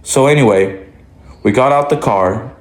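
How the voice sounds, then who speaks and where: A man's voice: medium pitch, measured pace. A man vlogger telling a casual story, rambling with lots of "like" and restarts. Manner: rambling, many likes and restarts. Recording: roomy echo.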